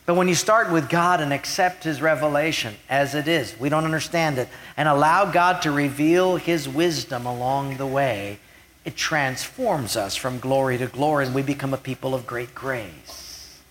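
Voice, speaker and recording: A man preaching a sermon, retelling a scripture story and swinging between loud emphasis and hushed lines. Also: medium pitch, normal speed, a little hiss or hum. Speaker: pastor.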